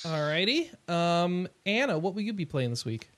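A man hosting a casual podcast in a fairly high, very lively voice that moves around a lot. He is playful and upbeat, and he likes to tease the others. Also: moderate pace. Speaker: podcast host.

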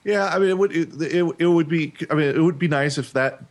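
A man's voice: fairly high pitch, a little fast. A man hosting a podcast, chatting casually and stumbling over his words as he restarts sentences. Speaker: podcast host.

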